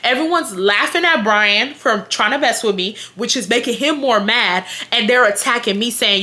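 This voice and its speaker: Bright, animated young woman telling a story. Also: fairly high pitch, normal speed, hardly any pauses. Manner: blunt, profane, animated storytelling that addresses viewers directly. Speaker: vlogger. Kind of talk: storytime vlog.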